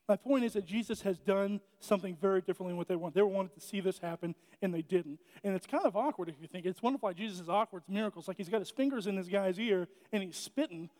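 A man's voice: high-pitched, darkish tone. A man preaching a casual sermon in a church, chatty and joking, often restarting his sentences. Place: church sanctuary. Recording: echoey church hall.

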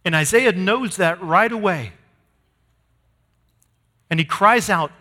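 High, bright-voiced preaching man. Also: slow pace, long pauses. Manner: emphatic preaching, swinging from loud to hushed. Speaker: pastor. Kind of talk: sermon. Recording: long hall reverb.

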